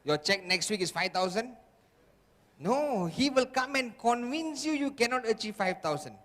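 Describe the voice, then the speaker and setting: A man's voice: very high-pitched, big pitch swings, moderate pace, sharp tone. A man giving a motivational seminar talk who keeps checking in with the audience and acts out the voices he quotes. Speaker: seminar speaker. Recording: long hall reverb.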